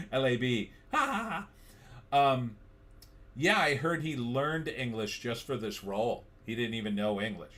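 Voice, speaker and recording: A man's voice: medium pitch, a little slow, a bit bright. A middle-aged man hosting a casual live stream, reading viewer comments aloud and riffing on them in a wry, offhand way.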